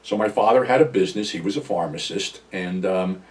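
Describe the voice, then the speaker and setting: A man's voice: sits low, fairly quick, far from the mic. An older man, telling a profane, rambling story from his own past as a channel host. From New Jersey, USA. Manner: rambling, blunt, heavy swearing, rising loud when quoting himself.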